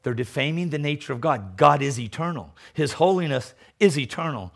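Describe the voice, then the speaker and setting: A middle-aged man preaches a sermon emphatically, swinging from loud declarations to low mocking asides and often repeating words as he restarts. His creaky voice moves briskly with lively intonation.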